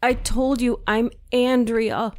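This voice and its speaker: A frightened teenage girl begs through tears in a shrill, high voice, as a woman puts her on while reading a horror story. Her pleas climb sharply above the narrator's own low register. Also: expressive, slow, a little mellow, no echo. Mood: pleading, sobbing. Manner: tearful, shrill and begging.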